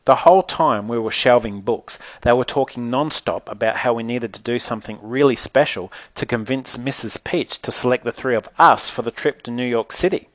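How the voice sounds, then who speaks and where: A man reading a chatty, first-person storybook aloud with lively, animated delivery. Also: medium pitch, normal speed, few pauses, no echo. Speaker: narrator.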